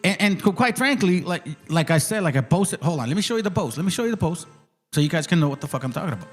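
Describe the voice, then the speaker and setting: A man's voice: on the high side, sing-song, fast talker, soft background music. A man hosting his channel with heated, profane, mocking commentary on clips. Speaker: channel host.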